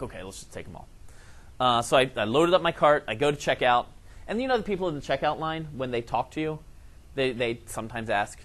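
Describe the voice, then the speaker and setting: A man teaching a science lesson, telling a comic story in an animated way with acted-out quotes. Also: on the high side.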